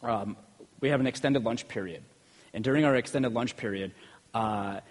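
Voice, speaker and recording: A man's voice: mid-range voice, normal speed, big-room sound. A man preaching a sermon in a loose, conversational way, often checking in with "okay?" and building energy as he tells stories. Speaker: preacher and school PE teacher.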